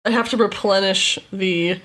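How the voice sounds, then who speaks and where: A woman's voice: mid-range voice, fairly even intonation, moderate pace, fairly bright tone. An American woman co-hosting a podcast, chatting casually with playful, giggly banter. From United States. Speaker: podcast co-host. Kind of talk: casual chat.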